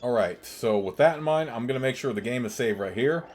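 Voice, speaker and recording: Male let's-player, mid-pitched voice, reads game text plainly, faint noise. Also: fairly quick. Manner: reads narration aloud in a plain, even way. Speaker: let's play gamer. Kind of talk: reading game text and casual commentary.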